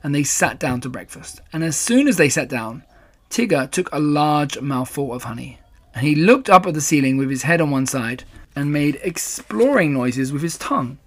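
A man narrating a children's storybook with calm, even storytelling. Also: a little high, normal speed.

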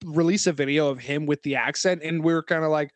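A man with a slightly high voice co-hosting a podcast, enthusiastic and easily amused. His casual chat is full of restarts, recorded dry and close. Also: steady tone, fast talker, no room sound. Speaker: podcast co-host.

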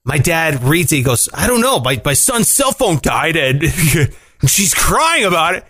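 A man's voice: a little high, unhurried, slightly rough, dry recording. A young man, married, telling a funny story in casual chat, full of "like" and "dude". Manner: animated storyteller, swearing, lots of "like" and "dude". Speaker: podcast co-host.

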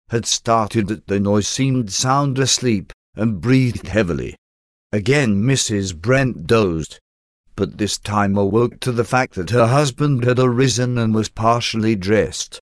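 Low-voiced male audiobook narrator. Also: no room sound, studio quality. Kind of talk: audiobook reading of a gothic tale.

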